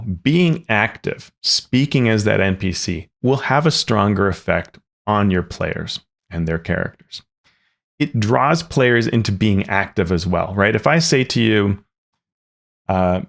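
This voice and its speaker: Male advice host, deep voice with some vocal fry, chatty and explanatory. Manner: conversational, often adds "right?". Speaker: tabletop game advice host. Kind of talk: casual instructional talk.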